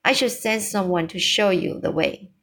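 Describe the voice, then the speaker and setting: A woman's voice: medium pitch, moderate pace, creaky, a bit bright. A woman reading as a composed, formal queen. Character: calm dignified queen, older woman.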